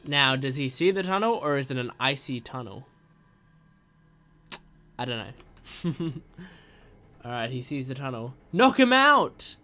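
A man hosting a gaming channel, excitedly reacting as he plays, reading text messages aloud and shouting at the screen. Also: mid-range voice, a little slow, long pauses. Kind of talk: reacting while playing a game.

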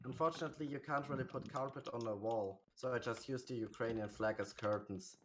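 A man's voice: mid-range voice, brisk, slight background noise. A man chatting casually while showing a friend around in a game, laid-back and hesitant with many ums. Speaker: fellow gaming YouTuber. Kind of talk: casual gameplay chat.

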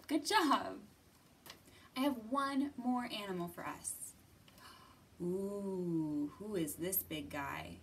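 A young woman leading a children's library storytime, gently coaxing little listeners with sing-song questions and sometimes dropping to a whisper. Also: mid-range voice, slow, long pauses, distant mic, a little hiss or hum. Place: library room.

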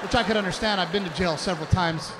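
A man tells stand-up stories on a comedy stage, animated and shouting some punchlines. His voice sits high for a man. The live recording carries clear audience noise. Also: quick pace, a loud crowd. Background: audience laughter.

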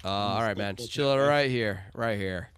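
A man hosting a custom game mode in casual, excited commentary, shouting when rounds get tense. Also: fairly low pitch, normal speed. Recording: music playing behind.

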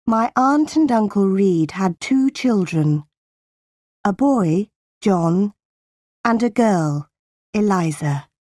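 A woman narrating a graded-reader storybook in a clear, deliberate way. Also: mid-range voice, lively intonation, darkish tone, no room sound, studio quality.

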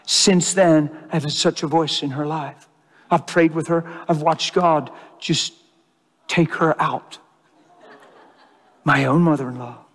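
A man's voice: fairly high pitch, steady tone, a little slow. A man preaching a sermon with emphatic delivery, repeating phrases to drive the point home. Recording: long reverb of a large hall.

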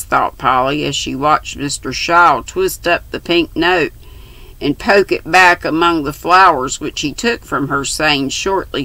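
A woman in her sixties reads a classic novel aloud with a steady storytelling voice. Her tone is bright and gravelly, and the recording is dry and close. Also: unhurried, no echo, rough recording. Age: 60s. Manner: steady storytelling voice, lifting pitch for girls' dialogue. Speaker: audiobook reader.

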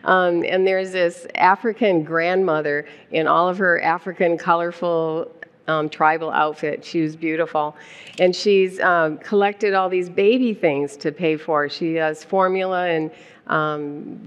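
An older woman telling a personal story on stage with animated delivery and frequent laughter. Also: fairly low pitch, measured pace, clean tone, dull audio. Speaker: guest speaker, founder's wife. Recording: long hall reverb.

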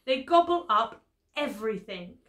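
A woman's voice: on the high side, sing-song, unhurried, fairly bright tone. A woman voicing a small, glum lost boy in a storybook who sniffs and talks solemnly. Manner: sniffly and solemn, spooking the others.

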